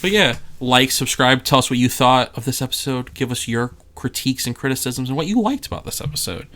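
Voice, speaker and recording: A man's voice: mid-range voice, animated, brisk, bright, forceful tone. A man co-hosting a casual review show, rambling and restarting his sentences, laughing often. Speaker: podcast co-host.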